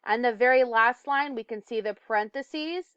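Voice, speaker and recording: A woman's voice: fairly high pitch, moderate pace, fairly bright tone, clean tone, no echo, muffled recording. A woman teacher giving a recorded lesson. She explains step by step and sometimes stumbles or corrects herself. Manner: self-correcting, occasional stumbles and fillers.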